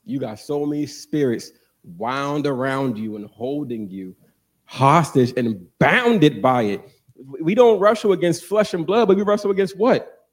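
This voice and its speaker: A man preaching a sermon, animated and joking, asking the congregation questions and answering them. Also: a little high, measured pace. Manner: animated, call-and-response, jokes with congregation.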